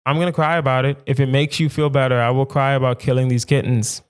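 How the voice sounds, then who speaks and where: This young adult podcast host talks fast in a clean, mid-range voice. Hosting a solo comedy show, he riffs animatedly and with emphasis, repeating lines for effect.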